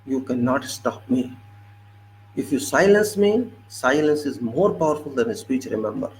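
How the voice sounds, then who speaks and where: A man's voice: medium pitch, animated, moderate pace, a little hiss or hum, low-quality recording. A man giving an impassioned political monologue, indignant and lecturing, repeating his points over and over. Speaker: political commentator.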